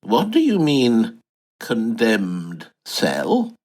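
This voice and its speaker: An actor playing a bumbling, posh English retiree, flustered and hesitant in a comic audio drama. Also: male voice, medium pitch, wildly swooping pitch, slow pace, full character voice. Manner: flustered, posh, hesitant, wildly swooping delivery. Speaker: lead character and narrator.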